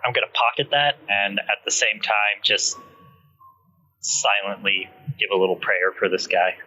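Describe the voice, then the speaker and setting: Here is a man playing in a tabletop game, with a low, husky voice that has a sharp, tense edge. He chats casually and a bit sheepishly about his moves. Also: normal speed, poor audio. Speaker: player.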